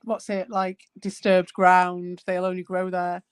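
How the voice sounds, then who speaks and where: A woman's voice: on the low side, little pitch movement, measured pace, clear, resonant tone, no room sound. A woman streamer in casual chat, blunt and exasperated, swearing a lot.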